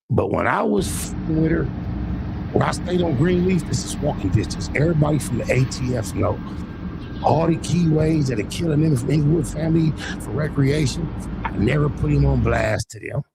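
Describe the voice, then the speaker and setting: Gravelly, taunting Los man. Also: mid-range voice, noisy background. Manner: taunting, mocking, with sing-song rhyming jabs; streetwise slang, addresses viewers as y'all. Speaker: livestreamer. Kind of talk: heated livestream rant.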